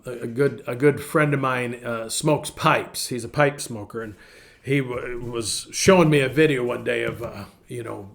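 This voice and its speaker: A man, a pastor, giving a casual, folksy devotional talk in front of a virtual background, repeating phrases for emphasis. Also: medium pitch.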